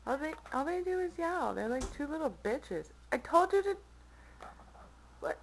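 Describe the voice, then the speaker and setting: A woman's voice: high-pitched, expressive, normal speed, vocal fry, pauses often, poor audio. Woman teasing and scolding her cats. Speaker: pet owner filming her cats. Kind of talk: casual home video chat. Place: home, indoors.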